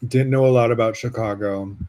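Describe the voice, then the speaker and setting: Man from Las Vegas, podcast host, mid-pitched voice, chatty and frank, fillers throughout. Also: fairly quick. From Las Vegas, United States. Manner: casual, heavy use of "like" fillers, frank and animated. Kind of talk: personal storytelling.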